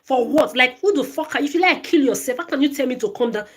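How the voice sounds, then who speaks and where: Her voice is high-pitched, animated, and quick as this vlogger rants angrily right at her phone camera. She swears a lot and stammers, repeating words and phrases.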